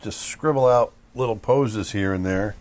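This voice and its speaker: A man's voice: lowish voice, measured pace. A middle-aged man giving a casual drawing lesson as he sketches, now and then acting out the emotions he draws. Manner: relaxed, acts out emotions in bursts while drawing. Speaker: drawing instructor.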